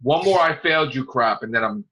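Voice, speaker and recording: A man hosting a casual podcast chat, animated and acting out scenes with loud outbursts. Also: medium pitch, brisk, slight background noise, poor audio. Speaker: podcast host.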